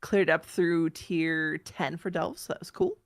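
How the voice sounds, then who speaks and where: A woman in her thirties who has a cold co-hosts a podcast, telling rambling stories in casual chat and laughing at her own mishaps. Her voice sits low and she speaks a little slowly.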